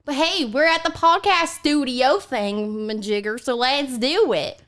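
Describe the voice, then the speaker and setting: A woman puts on a sassy old Southern granny who bosses everyone around and snaps at her friend. Her voice sits high, with a teasing bite. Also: measured pace, fairly bright tone. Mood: bossy. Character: mean bossy Southern old grandma. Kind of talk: comedic podcast character bit.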